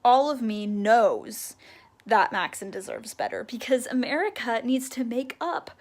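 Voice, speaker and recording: A woman's voice: on the high side, unhurried. A young woman vlogging her reactions to a book series, talking dramatically and gushing or ranting in casual chat. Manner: animated and dramatic, gushing and ranting about characters. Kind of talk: casual reading-reaction vlog.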